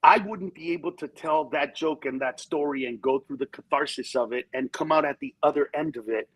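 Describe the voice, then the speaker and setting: A man with a somewhat high, husky voice talks frankly as a guest comedian on a talk show. He tells stories in an animated way and slips into other people's voices. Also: a little fast, poor audio. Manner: animated storyteller who acts out voices in quotes. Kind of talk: candid talk-show conversation.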